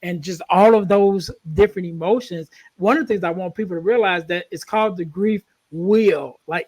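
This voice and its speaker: A man's voice: high voice, normal speed, dry recording. A man hosting a podcast, telling stories in an earnest, rambling way with many restarts. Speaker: podcast host. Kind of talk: casual conversational storytelling.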